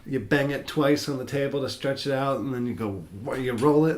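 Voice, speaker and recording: A young man in casual podcast chat who laughs often and tells stories in an animated way, with some swearing. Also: medium pitch, brisk, background noise.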